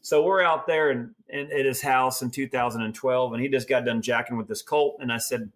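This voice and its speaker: Medium in pitch and fairly quick, this middle-aged man from Oregon is a team roper and trainer. His storytelling is relaxed and folksy, lively, with quotes performed in character.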